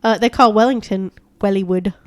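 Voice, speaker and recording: A chatty woman co-host trading loose banter on a podcast, laughing often and slipping into playful voices to quote people. Her voice sits at an ordinary middle pitch and is recorded dry and close. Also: fairly even intonation, normal speed, dry recording. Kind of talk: casual banter.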